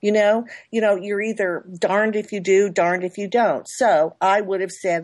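A woman's voice: medium pitch, normal speed, few pauses, a little mellow, dry recording. A middle-aged woman publicist being interviewed, talking in rambling loops that repeat and restart. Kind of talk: interview guest.

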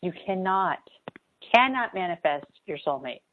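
Speaking at a normal pace in an animated, lowish voice, this woman is a spiritual coach giving a heartfelt, forceful pep talk on manifesting. She repeats important phrases for emphasis, and the recording has a thin, phone-like quality.

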